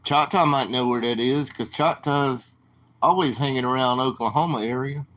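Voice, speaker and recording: A man's voice: mid-range voice, normal speed, fairly bright tone. A man with a southern drawl, rambling casually to viewers on his late-night livestream. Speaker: livestream host.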